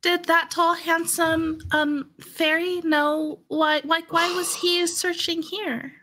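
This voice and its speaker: A woman's voice: very high-pitched, level tone, slow, bright, forceful tone. A woman playing a character in a tabletop game, eager, curious and polite. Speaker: player. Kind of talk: in-character role-play.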